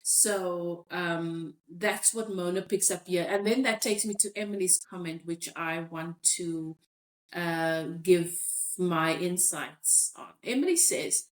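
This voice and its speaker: A woman's voice: lowish voice, takes it slowly. A South African woman hosting a podcast, talking things through thoughtfully and reading listener comments aloud. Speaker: podcast host. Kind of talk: casual discussion.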